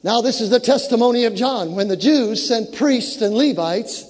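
The sermon comes from a man with a high voice, echoing in a long hall reverb as he alternates fervent shouts with jokey asides to the congregation, all at a moderate pace.

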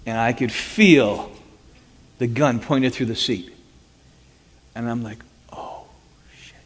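A man's voice: medium pitch, takes it slowly, a little hiss or hum. A man giving a personal testimony as dramatic first-person storytelling, animatedly acting out the dialogue. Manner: animated, acts out quoted dialogue. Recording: long hall reverb.

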